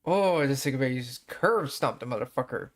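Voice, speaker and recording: A streamer reacts in casual, loose commentary, swearing freely. The speech stumbles on repeated starts, and the pitch sits mid-range. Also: animated, brisk, a little hiss or hum. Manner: crude, profane, stammering restarts.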